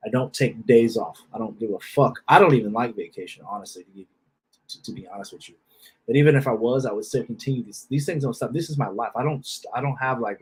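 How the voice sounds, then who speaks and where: A man's voice: medium pitch, fast talker, breathy edge, rough recording. A man with a wife and children giving a blunt, profane motivational talk that often repeats itself. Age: adult with a wife and children. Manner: repeats phrases, restarts. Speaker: self-help speaker.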